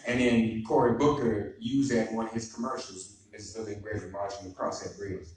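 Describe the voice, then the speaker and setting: A man's voice: on the low side, fairly even intonation, brisk, a little mellow. A man moderating a public conversation, telling stories in a folksy, joking way and speaking straight to the audience. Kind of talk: storytelling and introducing a guest. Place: courthouse event hall. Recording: echoey hall, far from the mic, noisy.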